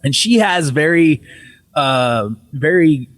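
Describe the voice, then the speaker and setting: A man on a casual podcast call telling a ghost story, swearing freely and acting out the quotes with lively energy. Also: fairly high pitch, slow, no room sound. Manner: profane, animated retelling with voiced quotes. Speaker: podcast guest. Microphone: video call.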